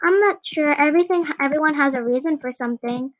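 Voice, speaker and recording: A teenage girl quoting an obsessive, possessive shy girl in a flat, insistent voice. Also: high-pitched, fast, no room sound, highs cut off, natural voice.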